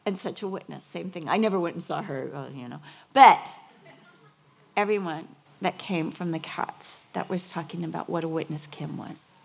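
A woman preaching a sermon, telling a personal story with lively acted-out quotes and soft whispered emphasis. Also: lowish voice, normal speed, vocal fry, breathy edge.

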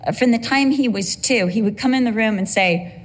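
A woman's voice: on the high side, a little fast. An older woman preaching a sermon, emphatic, with humorous asides.

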